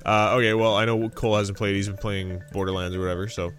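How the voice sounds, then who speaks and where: Rambling, cursing man, lowish voice. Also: monotone, fast, fairly bright tone. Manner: rambling, swears freely, laughs often. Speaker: podcast host. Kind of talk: casual gaming podcast chat. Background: faint game audio and music.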